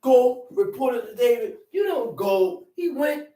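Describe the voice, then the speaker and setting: A woman's voice: on the high side, expressive, unhurried, mellow. Woman preaching from across an echoey hall. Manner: emphatic call-and-response preaching, repeating lines. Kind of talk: sermon. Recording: echoey room from far off.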